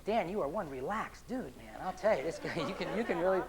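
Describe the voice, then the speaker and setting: A man performing as a stage hypnotist, moving from upbeat showman banter to slow, soothing hypnotic suggestions on stage. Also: a little high, expressive, slight background noise. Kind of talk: live hypnosis stage show. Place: stage before a live audience. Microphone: handheld microphone. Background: audience laughter and applause.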